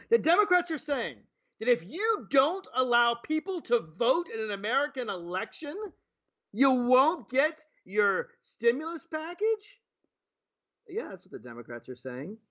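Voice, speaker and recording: Guy hosting political talk radio, sarcastic and worked up, high lively voice, kinda muffled sound. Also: normal speed. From Virginia. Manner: sarcastic, indignant, mocking rhetorical questions. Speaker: radio show host. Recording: muffled lo-fi broadcast audio.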